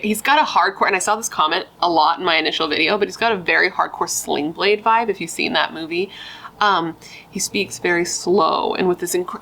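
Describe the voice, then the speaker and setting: Chatty, blunt woman with a lowish voice. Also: fairly bright tone, a little hiss or hum, low-quality recording. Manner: chatty, blunt, swears casually, rambling asides. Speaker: true crime YouTuber. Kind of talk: casual true crime storytelling.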